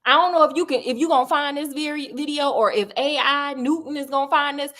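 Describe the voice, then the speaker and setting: A woman with a bright, high voice retells a children's story in a loose, conversational way. She breaks off into sassy asides and laughs as she goes. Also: brisk, few pauses. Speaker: storyteller host.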